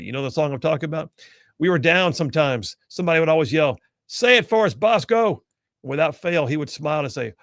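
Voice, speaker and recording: A man's voice: a little high, vocal fry, dry recording, clean studio sound. A man hosting a radio talk show, telling a story in an earnest, conversational monologue. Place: radio studio.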